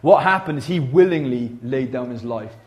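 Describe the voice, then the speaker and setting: A man preaching a sermon in a church, conversational and animated, swinging from loud to hushed. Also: mid-range voice, normal speed. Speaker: pastor.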